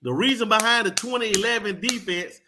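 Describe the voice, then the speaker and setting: A man's voice: high-pitched, brisk, background noise. A man co-hosting a sports talk show, emphatic and hyped, repeating names for emphasis. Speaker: podcast co-host.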